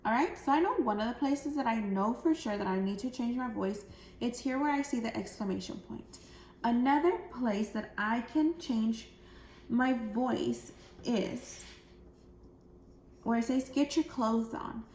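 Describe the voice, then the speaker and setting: Slow, gravelly-voiced woman teacher. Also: fairly high pitch, a little mellow. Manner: clear, step-by-step explanation to children. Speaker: second grade teacher. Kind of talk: recorded online phonics lesson. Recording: echoey room, faint background noise.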